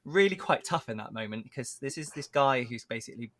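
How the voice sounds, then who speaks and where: A man's voice: mid-range voice, lively intonation, fast, a bit bright. A man co-hosting a casual behind-the-scenes podcast, chatty and laughing often, with many fillers. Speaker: podcast co-host and actor.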